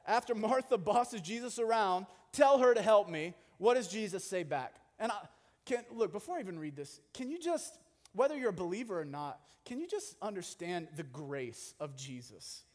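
Young male pastor, very high voice, chatty jokey sermon, long hall reverb. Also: normal speed. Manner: conversational, animated, jokey asides.

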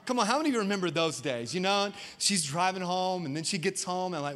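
A pastor preaching a sermon to a congregation, talking casually and joking with the crowd. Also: male voice, high-pitched, fast talker, few pauses. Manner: animated and conversational, jokes with the congregation. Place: church auditorium before a congregation.

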